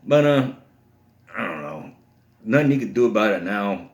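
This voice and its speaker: A man's voice: fairly low pitch, very animated, moderate pace. Rambling man, roomy sound. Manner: rambling, leans heavily on "you know". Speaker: storyteller. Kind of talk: casual spoken anecdote. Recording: roomy echo.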